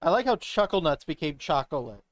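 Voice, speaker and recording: Woman streamer, casual let's play, crude jokes, animated pitch. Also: brisk. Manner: crude joking and loose.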